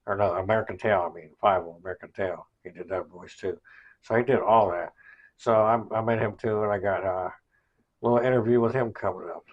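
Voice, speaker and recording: Deep-voiced man rambling through a podcast recap. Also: steady tone, a little fast, dull audio. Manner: rambling, many fillers and restarts. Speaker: podcast host. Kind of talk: casual solo recap.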